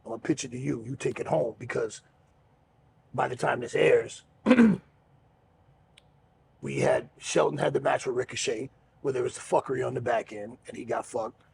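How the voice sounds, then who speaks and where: A middle-aged man hosting a podcast, telling stories in a relaxed, rambling way, swearing freely. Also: mid-range voice, normal speed, creaky, long pauses, a little hiss or hum. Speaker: podcast host and pro wrestler. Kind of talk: casual storytelling chat.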